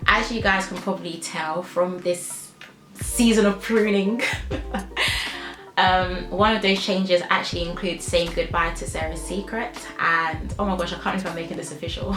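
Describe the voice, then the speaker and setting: A young woman talks to camera in an emotional vlog, heartfelt and emphatic, often laughing through tears. Her voice is on the low side, steady and a bit bright at normal speed. The room is echoey, with faint music behind her.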